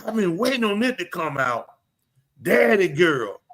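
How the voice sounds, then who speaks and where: A man hosting a live talk show, telling stories in an animated, emphatic way. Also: high voice, measured pace. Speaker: show host.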